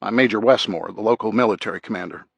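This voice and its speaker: A man's voice: on the low side, fast, gravelly, slightly rough, no room sound. A man voicing a firm, controlled male army major in an audiobook.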